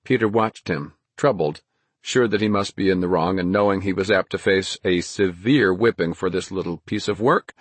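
A man narrating a storybook audiobook in a measured, even way. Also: sits low, husky, no echo.

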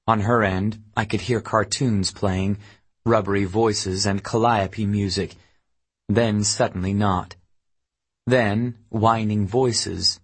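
A man narrating a novel in the first person, in a low, measured and restrained way. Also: steady tone, breathy edge. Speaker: audiobook narrator.

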